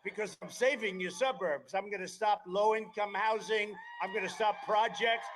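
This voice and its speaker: Background noise runs under this campaign rally speech by a man in his seventies. The politician's high voice moves at a moderate pace as he rambles, wanders off topic and throws in mocking asides.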